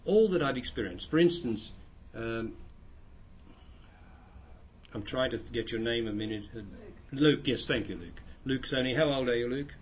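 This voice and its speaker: Husky guy teaching a crowd, keeps restarting sentences, muffled old tape. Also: medium pitch, moderate pace, long pauses. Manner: plain explanatory, repeats and restarts phrases. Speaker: spiritual teacher. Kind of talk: answering audience questions. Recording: dull lo-fi recording.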